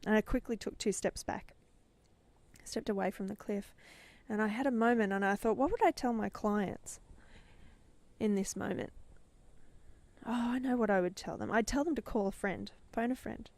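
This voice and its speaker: Recounting a personal story on her podcast, a middle-aged business mentor builds intensity until her voice swells at the climaxes. She speaks at medium pitch and normal speed in a darkish tone. There's no room sound.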